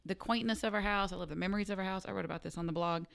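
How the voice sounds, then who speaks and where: A woman's voice: medium pitch, very fast, gravelly. A woman co-hosting a casual chat, telling a story and acting out the lines of the people in it. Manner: animated storyteller acting out quotes.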